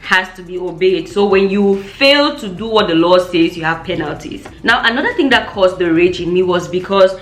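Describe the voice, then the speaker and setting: Woman vlogger, lively storyteller, recorded in an echoey room. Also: fairly low pitch, moderate pace, few pauses. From Cameroon. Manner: animated storyteller acting out quoted voices. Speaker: YouTuber. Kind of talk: storytime vlog. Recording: roomy echo.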